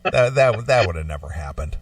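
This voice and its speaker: A man's voice: deep voice, very animated, a little fast. Laid-back man, far from the mic. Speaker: radio show co-host. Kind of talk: casual chat.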